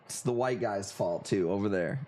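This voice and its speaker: A man's voice: on the low side, moderate pace, mellow, a little hiss or hum. Joking, foul-mouthed male stream host. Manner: profane, joking, rambling banter with viewers. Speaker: livestream coral auction host. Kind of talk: casual live sales chat.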